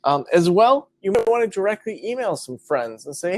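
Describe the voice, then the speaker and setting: A man's voice: high voice, big pitch swings, normal speed, few pauses, dry recording. A man hosting a live webinar, talking casually with lots of fillers and answering viewer questions. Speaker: webinar host. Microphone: computer mic over a web stream.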